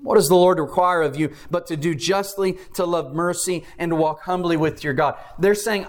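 A man with a fairly high voice delivers a sermon. He reads scripture and drives each point home with earnest, emphatic stresses. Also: normal speed, few pauses. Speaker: preacher.

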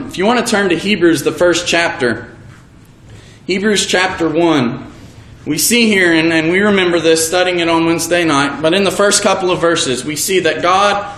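A man preaching an evening sermon, earnest and halting, slowing down to stress key words. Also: fairly high pitch, fairly bright tone. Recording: echoey room.

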